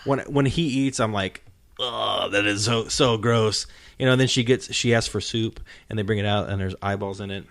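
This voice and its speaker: A man with a lowish voice hosts a relaxed podcast chat, retelling scenes in a sincere, meandering way. His voice is recorded close and dry, with no room sound around it. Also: quick pace, hardly any pauses, dry recording. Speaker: podcast host. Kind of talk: casual chat.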